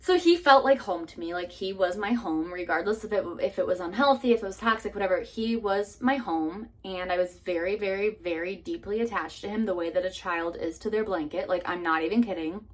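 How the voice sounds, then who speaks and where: A young woman in her twenties sits down for a long, candid vlog chat at a middle pitch. She talks earnestly and emotionally, tumbling through likes and restarts, with casual swearing and moments where she sounds close to tears. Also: a little fast, hardly any pauses. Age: 20s. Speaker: vlogger.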